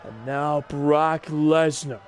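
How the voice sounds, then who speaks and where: A man doing excitable play-by-play commentary on a wrestling video game, often breaking into shouted exclamations. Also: on the high side, takes it slowly, faint music behind. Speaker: gaming channel host.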